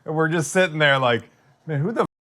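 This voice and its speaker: A young man, a guest on the show, recalling road stories in a relaxed, casual way. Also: a little high, fast talker. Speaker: guest, former assistant. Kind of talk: casual chat.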